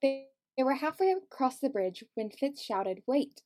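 A woman's voice: high voice, very animated, normal speed, warm tone, soft background music. A woman co-hosting a podcast, chatting casually and reading passages aloud, tired and often breaking into giggles. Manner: giggly, reads with dramatic asides. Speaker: podcast co-host.

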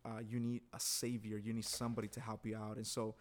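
A man's voice: lowish voice, monotone, fast. A man who is a guest on a podcast, speaking earnestly and encouragingly about his faith in casual conversation.

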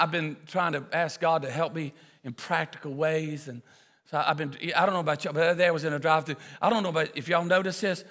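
A male pastor preaching a sermon full of comic stories, with excitable shouting bursts and quick asides. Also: a little high. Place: church auditorium. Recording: preaching in a large echoing hall with audience.

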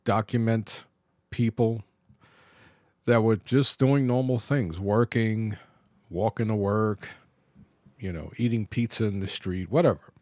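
Slow, halting middle-aged man from New York. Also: lowish voice, darkish tone, no echo. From New York, Bronx. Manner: halting, reflective, with pauses and restarts. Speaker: podcast host. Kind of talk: personal podcast monologue.

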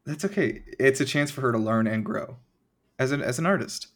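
Podcast host dude, kinda rambly, lots of ums, middle-pitched voice. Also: male voice, expressive, brisk. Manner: rambling, hesitant, many ums. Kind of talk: casual chat.

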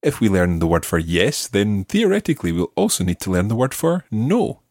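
This is a man hosting a language lesson, with a low and slightly husky voice. His pitch moves a lot as he explains, and he slows down to model words clearly. The recording is close and dry. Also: sing-song, a little mellow, no room sound. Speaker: language course host and teacher. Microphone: close studio mic.

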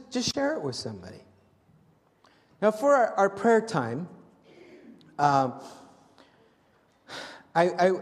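A man preaching a sermon as pastor, animated and swinging from loud appeals to hushed prayer, often restarting and repeating his words. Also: high-pitched, big-room sound.

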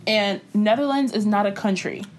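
A woman's voice: medium pitch, moderate pace, soft background music. A young woman co-hosting a podcast in casual chat, blunt and teasing with plenty of slang. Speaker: podcast co-host.

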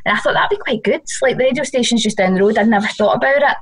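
A woman's voice: fairly high pitch, very fast, husky. A Scottish woman, a radio presenter, chatting casually as a guest, giggly and prone to slipping into put-on voices. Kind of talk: casual chat.

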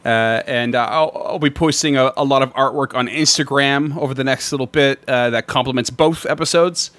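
A man's voice: medium pitch, a little fast, a bit bright, no room sound. Hesitant male podcast co-host. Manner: hesitant, many fillers, laughs often. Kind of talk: casual chat.

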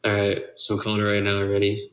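A man's voice: fairly low pitch, completely flat delivery, fast talker, a bit bright, roomy sound, rough recording. A man co-hosting a casual movie review podcast, pushy and teasing, talking over the others. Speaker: podcast co-host.

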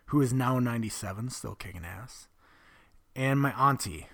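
A man telling a personal story in a candid, confessional way, often dropping to a breathy near-whisper and swearing bluntly. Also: mid-range voice, big pitch swings, normal speed, fairly bright tone. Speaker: vlogger telling his own story.

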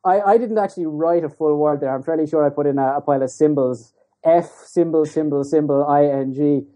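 A man speaking as a podcast guest, talking casually and hesitantly with many pauses and restarts. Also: on the high side, mellow. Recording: dull lo-fi sound.

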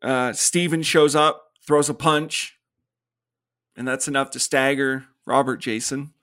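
Unhurried and steady, this man's mid-range voice sounds pushed and bright. As a podcast co-host in a casual film review chat, he recaps the plot, acts out characters' lines, and laughs frequently.

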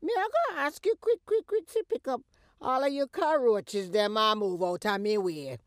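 Woman playing a loud scolding Jamaican mother. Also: fairly high pitch, lively intonation, normal speed, no echo, clean studio sound, natural voice. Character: scolding Jamaican mother mocking her posh daughter. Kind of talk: comedy skit.

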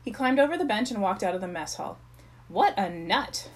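A woman narrating a children's chapter book in a plain, even reading voice. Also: mid-range voice, quick pace. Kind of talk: storybook read-aloud.

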